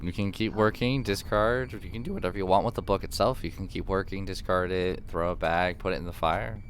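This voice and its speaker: A man running a tabletop game as dungeon master, narrating with many pauses and fillers. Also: deep voice, fairly even intonation, a little hiss or hum. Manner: hesitant, filler-heavy narration. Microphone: streaming microphone.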